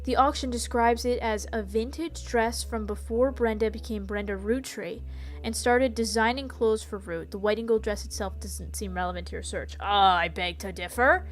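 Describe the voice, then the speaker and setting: Speaking at a normal pace in a voice on the high side, a woman streams a detective game over faint background music. She reads the on-screen text aloud, giggles, and chats casually with her audience.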